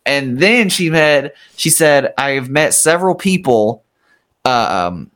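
A man co-hosting a podcast in casual, unscripted chat. He is blunt and swears freely, jumping in with quick reactions and telling his own stories. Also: mid-range voice, lively intonation, fairly bright tone. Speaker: podcast co-host.

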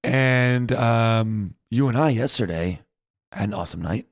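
A man co-hosting a podcast in casual chat, easygoing and quick to agree. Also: mid-range voice, gravelly, no room sound, clean studio sound. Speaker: podcast co-host.

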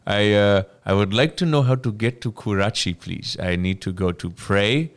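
A man voicing an earnest, rambling male traveler with a put-on South Asian accent, delivered haltingly and with giggles. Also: lowish voice, natural voice.

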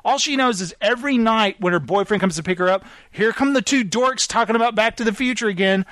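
In casual chat, a male podcast host with a high-pitched voice tells a self-deprecating story at a fast clip, sounding animated and apologetic. There's no echo.

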